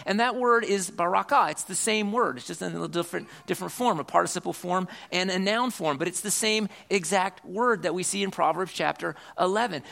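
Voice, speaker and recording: A man delivers a church sermon in a high, gravelly voice. He is earnest and reads scripture aloud, often doubling back on his words mid-sentence. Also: brisk, few pauses, fairly bright tone. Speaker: pastor.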